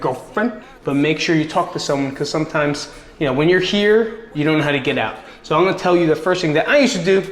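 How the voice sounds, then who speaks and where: A young man with a fairly high voice talks casually and earnestly to his viewers. He speaks candidly and encouragingly, and his voice rings around an echoey room. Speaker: video host. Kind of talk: casual direct-to-camera talk.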